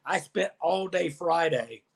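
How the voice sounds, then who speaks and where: Guy with a slightly high voice on a podcast, tells stories fast and animated, plays out the dialogue bits himself. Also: gravelly, slightly rough. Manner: animated storyteller, acts out quoted dialogue. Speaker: podcast guest, former pro wrestler. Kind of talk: storytelling interview answers.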